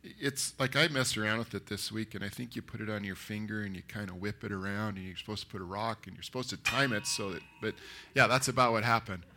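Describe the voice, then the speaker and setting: A man preaching a sermon that retells a story, lively and acting out the characters' lines. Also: lowish voice, fast, slight background noise. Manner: animated, acts out the characters. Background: live audience.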